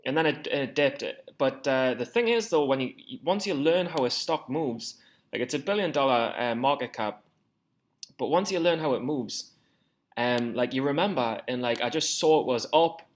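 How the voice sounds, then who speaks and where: Man, 20s, casual vlogger; rambling, self-deprecating, frequent swearing, middle pitch. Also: expressive, moderate pace. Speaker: stock trading vlogger. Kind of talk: casual screen-share commentary.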